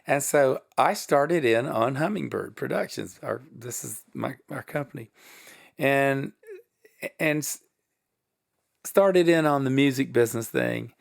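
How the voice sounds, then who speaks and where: A middle-aged man with a Southern US accent, a guest telling personal stories in an animated way, with a lot of pitch swings and laughter. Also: a little slow, creaky. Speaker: guest, production company head. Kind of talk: storytelling interview.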